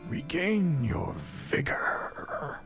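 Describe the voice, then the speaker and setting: A sinister artifact croons in a slow, gravelly hiss, voiced by a man running a tabletop game. It coaxes and soothes with manipulative calm, half in a whisper. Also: fairly high pitch, soft background music, heavily acted. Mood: coaxing.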